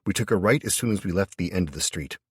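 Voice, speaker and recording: A man's voice: deep voice, fast, husky. A man narrating an audiobook in the first person, with a casual, profane storytelling manner.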